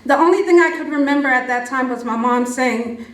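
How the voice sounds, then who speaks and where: A woman's voice: sits high, animated, normal speed, hardly any pauses, a little hiss or hum. A woman teacher giving a heartfelt prepared speech introducing a student at an event, laughing often. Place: large library event hall. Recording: echoey room from far off.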